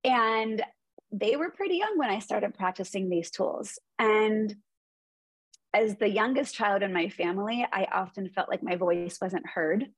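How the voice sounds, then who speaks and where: A woman in her forties with a medium-pitched, husky voice speaks animatedly and a little slowly, in a low-quality recording without echo. As an interview guest in a conversational setting, she tells earnest stories about parenting and mindfulness.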